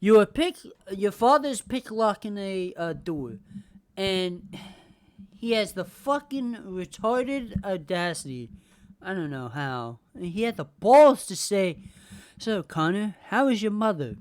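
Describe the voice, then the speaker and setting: A woman hosting a casual podcast rant. She talks slowly, at a mid pitch, repeating herself and swearing freely. Her tone is heated and opinionated throughout. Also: animated, darkish tone. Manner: heated, profane, repetitive. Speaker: podcast host.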